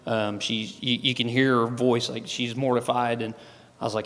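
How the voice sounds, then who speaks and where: Speaking as a guest in a large event hall, a man offers a folksy personal testimony, restarting often. His mid-range voice is slightly bright, with a level tone and moderate pace. The recording carries a long hall reverb.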